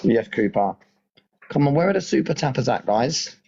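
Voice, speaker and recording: A man's voice: mid-range voice, lively intonation, moderate pace, vocal fry, a little mellow, muffled recording. A man from the UK with a British accent, chatting casually on a live stream, pleading and exasperated and repeating himself. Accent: British English. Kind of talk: casual livestream chat.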